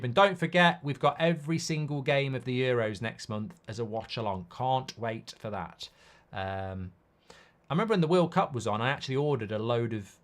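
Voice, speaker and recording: Bloke doing a live footy watchalong, reads chat out, blunt, swears here and there, mid pitch. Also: male voice. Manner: casual and blunt, reads out viewer comments, swears. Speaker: host. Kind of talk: live football watchalong commentary.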